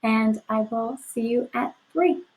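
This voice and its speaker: In a recorded remote lesson, a woman teaches a fourth grade class in a fairly high, slightly mellow voice, speaking slowly on a low-quality recording. She sounds sleepy and yawns, yet stays upbeat and encouraging, asking rhetorical questions and often checking in with "right?".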